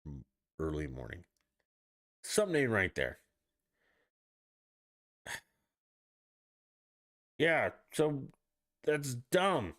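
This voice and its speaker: A man's voice: mid-range voice, huge pitch swings, drawn-out words, long pauses, a bit bright. A man hosting a solo podcast, ranting about sports in an exasperated, profane way. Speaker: podcast host.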